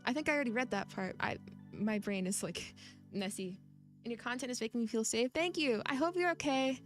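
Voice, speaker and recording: A woman's voice: fairly high pitch, brisk, soft background music. A woman streamer chatting casually with her viewers and reading game text aloud, giggling often and rambling.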